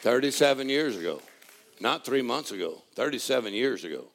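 A male preacher delivering a sermon in call-and-response style, dropping to low murmurs and then rising to shouted praise. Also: animated, a little fast.

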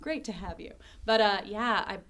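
A woman's voice: medium pitch, normal speed, a bit bright. A woman co-hosting a casual chat podcast, telling stories animatedly, laughing often and dropping into mock whispers. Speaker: podcast co-host.

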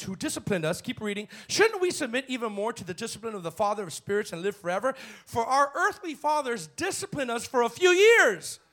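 Bold preaching man, high lively voice. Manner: bold, swings from shouting to hushed. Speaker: pastor. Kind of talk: sermon. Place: church.

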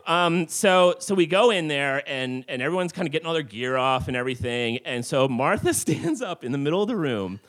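A middle-aged man tells a story on a small tavern stage, his voice swinging widely and lively up and down. He pitches a touch high for a man and rambles through fillers and restarts as he goes. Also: a little fast, hardly any pauses. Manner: animated, rambling with many fillers. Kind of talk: live storytelling for an audience. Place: tavern stage before a live audience.

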